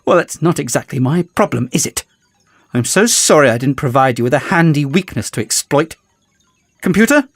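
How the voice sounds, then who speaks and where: A man's voice: on the high side, animated, normal speed, no echo, faint music behind, pitched above the performer's own voice. A man voicing a spiteful, boastful male villain who taunts his enemies in a sing-song way. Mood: gloating.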